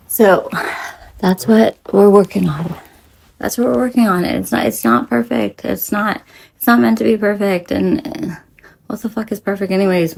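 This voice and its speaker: Female spiritual reader, husky, profane, rambling, emphatic, slips into whispers. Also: mid-range voice, a little mellow. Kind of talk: casual spiritual pep talk.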